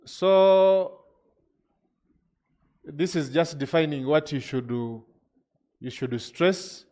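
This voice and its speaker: A man's voice: fairly high pitch, very slow, warm tone. A man presenting regulations to an industry audience, explaining step by step with frequent restarts.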